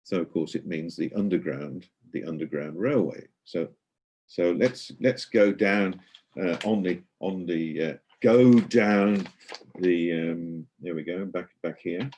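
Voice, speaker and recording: A man's voice: low-pitched, slow, mellow, slight background noise. A middle-aged man giving an online guided tour, chatty and explanatory, with many hesitations and fillers.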